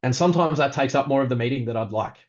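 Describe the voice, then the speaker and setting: Aussie pastor guy teaching team leadership, laid-back chatty delivery, lots of ums, mid-pitched, slightly dull lo-fi audio. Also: very fast. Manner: conversational, relaxed, frequent ums, acts out example phrases. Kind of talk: practical leadership teaching talk.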